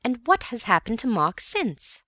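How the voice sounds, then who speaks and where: A woman's voice: on the high side, very animated, sharp tone, no room sound, studio quality, pitched above the performer's own voice, heavily acted. A woman voicing a breezy young Englishman. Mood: puzzled. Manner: brisk, breezy, upper-class slang. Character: eager young Englishman, cheerful friend.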